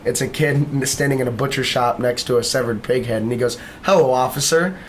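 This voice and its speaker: A man's voice: mid-range voice, steady tone, brisk, slight background noise. A man co-hosting a casual podcast, telling profane anecdotes with laughter. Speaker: podcast co-host. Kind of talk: casual chat.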